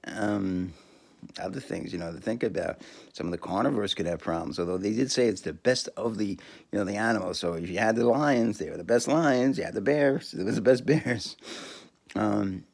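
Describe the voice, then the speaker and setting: A man's voice: lowish voice, moderate pace, vocal fry, darkish tone. A man talking alone on his podcast, crude and rambling, often breaking into laughter and restarting his sentences. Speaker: podcast host. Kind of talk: rambling solo monologue.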